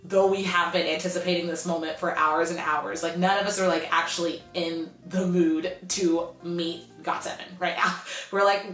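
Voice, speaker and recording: A young woman telling a story in a casual vlog, chatty and animated, with "like" in nearly every sentence. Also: fairly low pitch, moderate pace, echoey room, soft background music. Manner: chatty, animated, heavy use of "like". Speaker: vlogger.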